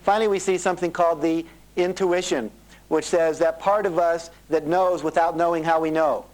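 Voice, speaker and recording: A middle-aged man leads a motivational seminar on an old cassette tape. His voice sits a little high, and he tells his stories with lively energy, slipping into the voices of the people in them. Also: normal speed, poor audio. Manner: animated storytelling, acting out quoted voices. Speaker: seminar speaker. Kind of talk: motivational seminar talk to a live audience.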